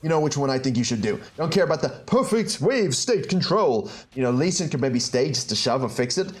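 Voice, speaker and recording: A young man with a South African accent, coaching a video game over gameplay in an animated way, with incredulous outbursts. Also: medium pitch, fairly quick.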